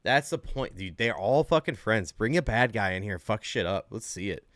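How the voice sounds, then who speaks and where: A man's voice: on the low side, expressive, moderate pace, dry recording, studio quality. Laughing, profane podcast guy. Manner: laughs a lot, loud and profane. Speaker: podcast co-host. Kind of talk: casual chat.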